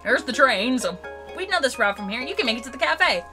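An anxious young heroine from a game speaks in a high, lively voice that swings up and down, as a woman reads her lines aloud. The reading is earnest. Game music plays clearly behind. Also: fairly quick. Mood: urgent.

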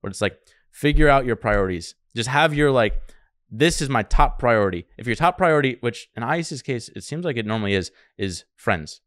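A man co-hosting a casual podcast chat, talking fast and excitedly and swearing freely. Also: medium pitch, dry recording, clean studio sound. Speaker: podcast co-host.

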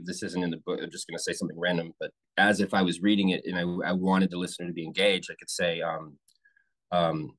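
A man chatting casually on a podcast, animated and swearing, his voice jumping up when he gets excited. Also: low-pitched, low-quality recording.

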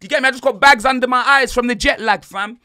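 A man hosting a casual banter podcast, slangy and animated, swinging between loud and soft. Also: very high-pitched, quick pace, smooth. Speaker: podcast host.

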